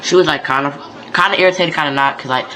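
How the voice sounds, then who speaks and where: A man's voice: fairly high pitch, fast, noisy background. A young man from North Carolina, telling a story in a laid-back, conversational vlog style. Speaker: vlogger.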